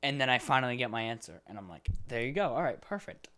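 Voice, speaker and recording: In a mid-range voice, a young man talks fast while co-hosting a podcast. His casual chat turns into an animated rant full of swearing, with exasperated phone callers acted out.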